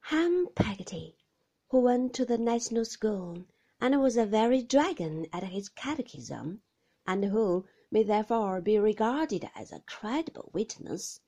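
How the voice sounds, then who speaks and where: Slow, husky woman reading a classic novel. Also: medium pitch, big pitch swings. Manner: slow, hushed, often breathy-whispered delivery. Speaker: audiobook reader. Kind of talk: audiobook narration of a classic novel.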